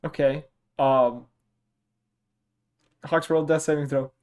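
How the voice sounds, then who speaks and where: A game master narrating a tabletop game at an unhurried pace, amused and laughing often. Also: medium pitch, steady tone, a little mellow, muffled recording, slight background noise. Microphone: home mic on a stream.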